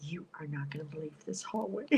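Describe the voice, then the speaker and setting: A middle-aged woman chatting casually on a livestream from a hotel room, animated, joking and gasping as she talks into a tablet. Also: low-pitched, normal speed, gravelly, slight background noise, low-quality recording. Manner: chatty and animated, jokes and gasps. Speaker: livestream host. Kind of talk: casual live chat. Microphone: tablet camera.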